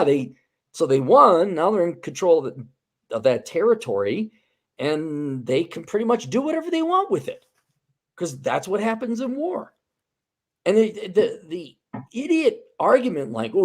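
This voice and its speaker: A man on a casual podcast, talking in a heated, profane rant that keeps restarting mid-thought. His voice sits somewhat high and swings widely in pitch as he gets worked up. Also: big pitch swings, normal speed. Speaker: podcast host.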